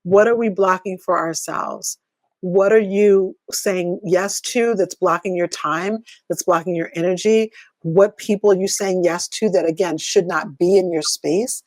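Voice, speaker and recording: A woman's voice: fairly low pitch, steady tone, unhurried, a little mellow, dry recording. A middle-aged woman co-hosting a coaching podcast, asking reflective questions in casual chat and laughing often.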